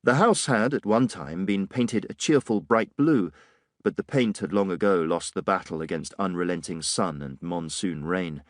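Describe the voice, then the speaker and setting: Male audiobook narrator, low, expressive, wry, dry studio. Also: moderate pace, dry recording. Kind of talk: scripted narration.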